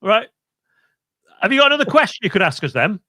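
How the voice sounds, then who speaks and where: Chatty middle-aged male radio presenter telling a story. His voice is fairly high and sits close and dry on the mic. He mimics the people in his tale as he goes. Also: sing-song, fast talker, pushed and bright, dry recording. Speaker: quiz co-host and radio presenter. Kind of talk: casual anecdote telling.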